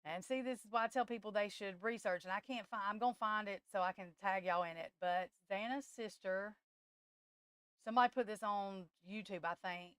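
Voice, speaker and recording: Lady on a live stream, worked up and teary, smooth clear voice, dry close mic. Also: mid-range voice, a bit bright, dry recording. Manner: impassioned, tearful, halting restarts, addresses viewers as y'all. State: close to tears. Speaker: tarot livestream host. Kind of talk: emotional live-stream chat.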